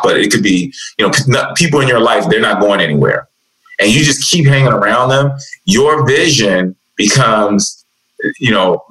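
A man as a guest, telling motivational stories in an animated way. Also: fairly low pitch, low-quality recording. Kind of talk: casual conversation.

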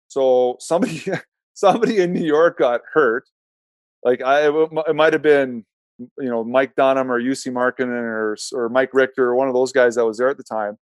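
A man's voice: medium pitch, brisk, no echo. A middle-aged man, a former pro hockey goalie, telling a rambling, self-correcting story in casual talk and laughing at himself.

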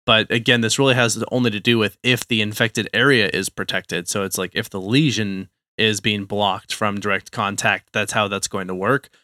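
Low, bright-voiced man explaining. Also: steady tone, moderate pace, few pauses, slight background noise. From Western United States. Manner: explanatory, careful, hedging restarts. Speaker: podcast co-host. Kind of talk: casual explanatory chat.

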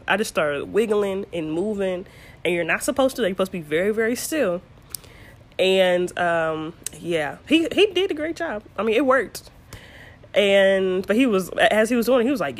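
A woman's voice: medium pitch, lively intonation, normal speed. A young woman casually telling her birth story to her viewers, chatty and candid with playful asides.

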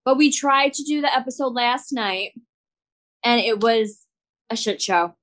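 Podcast co-host, female, hungover, blunt and laughing, a bit high-pitched. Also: unhurried, a bit bright. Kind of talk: casual chat.

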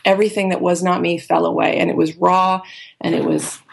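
Chatty woman coach with vocal fry. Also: fairly low pitch, brisk, slight background noise. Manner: animated storyteller who acts out quoted dialogue; chatty, with many fillers and restarts. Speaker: life coach, interview guest. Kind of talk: casual interview storytelling.

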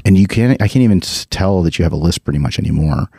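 Man, podcast host, low voice, earnest and motivational, dry close sound. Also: expressive, fast, vocal fry, mellow, husky, no echo. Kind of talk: casual podcast interview.

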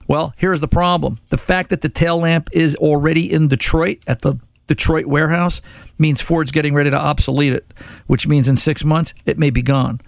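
Gravelly radio car guy, chatty and fed up, dry close mic. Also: a little high, steady tone, a little fast, no room sound. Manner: chatty, exasperated, repeats words. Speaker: radio car repair show host. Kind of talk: radio call-in talk, storytelling.

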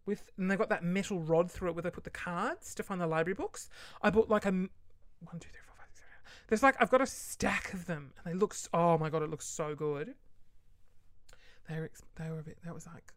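This woman hosts a casual solo podcast, chatting in a rambling way and acting out quoted voices, with sudden whispered asides. Her pitch is fairly low and she talks a little fast. The recording is dry.

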